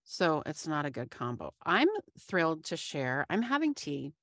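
A woman's voice: sits low, big pitch swings, normal speed, fairly bright tone, dry recording, clean studio sound. A woman co-hosting a podcast in casual chat, playful and teasing, laughing often. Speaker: podcast co-host.

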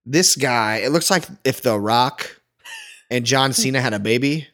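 He's a wedding photographer co-hosting a laid-back podcast, and he tells stories animatedly, sprinkled with plenty of "like". His pitch is medium and he talks a little slowly.

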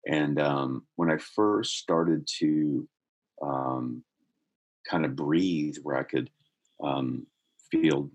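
A middle-aged man with a husky voice, earnestly telling a personal story in conversation, growing more animated as he goes. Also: extremely low pitch. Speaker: guest telling his life story.

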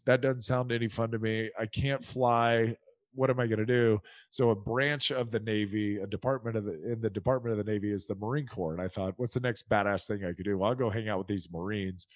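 A middle-aged man from the United States, a former football player telling his story as a guest in a casual podcast interview, acting out the people he quotes with lively energy. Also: fairly low pitch, a little fast, no echo.

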